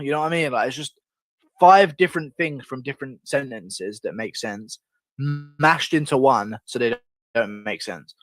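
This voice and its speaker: A man's voice: mid-range voice, normal speed, fairly bright tone, no room sound. A man from the United Kingdom streaming and chatting casually with viewers, rambling and crude.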